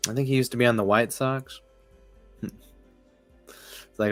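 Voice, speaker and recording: A man's voice: mid-range voice, steady tone, unhurried, pauses often, no room sound. Man, casual sports streamer, rambling and profane, dry close mic, faint music behind. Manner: rambling, profane, laughs while talking. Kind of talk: casual live game commentary.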